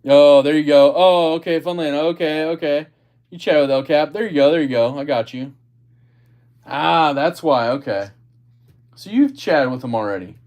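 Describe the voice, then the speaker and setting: Chatty male livestream host, higher voice. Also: moderate pace, darkish tone. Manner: chatty, reads viewer comments aloud, apologetic asides. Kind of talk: casual livestream chat.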